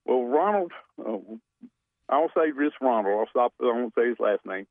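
A man rambles through a folksy story as a radio caller. His voice sits at an ordinary pitch. It comes down a dry, tinny phone line. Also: animated, vocal fry, no room sound. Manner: folksy, drawn-out, rambling anecdotes. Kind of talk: storytelling on a call-in show.

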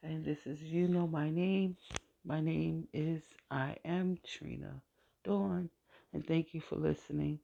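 A woman hosting a podcast, telling a personal faith testimony in an emotional, halting way and often repeating her phrases. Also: low voice, steady tone, gravelly, warm tone, a little hiss or hum. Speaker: podcast host. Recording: dull lo-fi recording.

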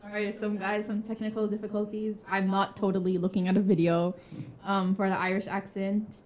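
A woman's voice: medium pitch, level tone, normal speed, darkish tone. Chatty young woman podcast co-host. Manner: chatty, filler-heavy, candid and laughing. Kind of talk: casual chat. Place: room with a glass wall.

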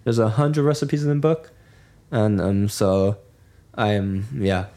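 Young guy from germany rambling on a podcast, lowish voice, lots of likes and restarts. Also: unhurried, dark tone. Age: young adult. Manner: rambling, many restarts and fillers. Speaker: podcast co-host. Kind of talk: casual chat.

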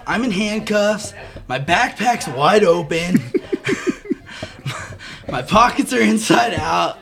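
A man telling a story in a casual chat, acting out the people in it and laughing as he goes. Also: sits high. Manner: animated, laughing, acts out quoted voices.

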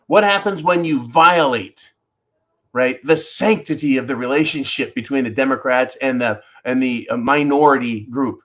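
A man's voice: medium pitch, fairly bright tone. A man hosting a political talk show, ranting in a sarcastic, profane and combative way. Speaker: podcast host. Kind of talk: political rant commentary.

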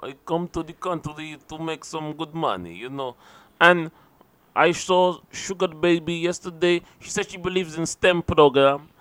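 A man voicing a quiet, halting newcomer who talks in broken grammar with a put-on foreign accent. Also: a little high, clean tone, no room sound. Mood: deadpan.

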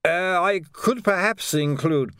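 Tipsy scared prisoner, read by a man, slow, hesitant. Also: high-pitched, animated, a bit bright, clean tone, dry recording, clean studio sound, voice pushed up, heavily acted. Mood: nervous. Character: tipsy frightened male prisoner.

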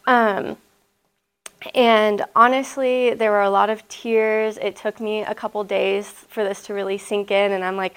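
A young woman from Nebraska, a missionary telling a personal story at a school assembly in a lively, chatty way full of "like.". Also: medium pitch, measured pace, smooth. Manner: lively, chatty, many "like" fillers. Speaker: missionary speaker. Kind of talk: storytelling talk.

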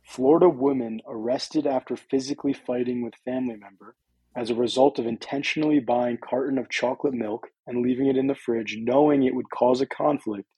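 A man's voice: mid-range voice, expressive, brisk, mellow, breathy edge, no room sound, rough recording. A man producing a sports podcast, reading out a story hesitantly with many ums and uhs. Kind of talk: casual sports chat.

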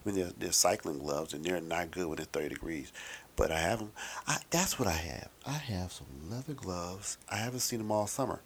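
Rambling low-voiced middle-aged man. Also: a little fast, a little hiss or hum. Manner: rambling, wry and profane. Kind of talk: casual monologue.

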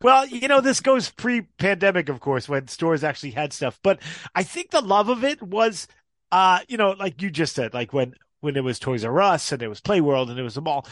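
A man's voice: fairly high pitch, lively intonation, normal speed, fairly bright tone, no room sound, clean studio sound. A man co-hosting a podcast in casual, easygoing chat with many fillers. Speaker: podcast co-host.

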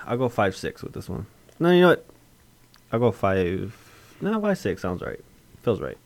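A man's voice: on the low side, very animated, normal speed. A young man co-hosting a casual beer-tasting chat, laid-back and full of bro slang. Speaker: podcast co-host.

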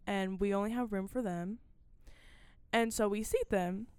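A teenage girl recounts a story on a podcast in an animated, chatty way, leaning on "like" and acting out the dialogue. Her voice is clean and smooth, recorded close and dry with no room sound. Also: mid-range voice, unhurried, dry recording. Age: teens. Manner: animated, filler-heavy retelling with quoted dialogue. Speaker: guest. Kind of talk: casual storytelling.

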